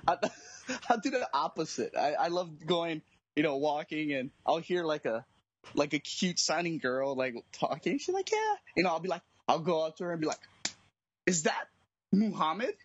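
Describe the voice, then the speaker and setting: A man with a husky, slightly higher voice cracks goofy, absurd jokes on a casual comedy podcast. His pitch jumps around a lot as he talks. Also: animated, moderate pace, dry recording, muffled recording.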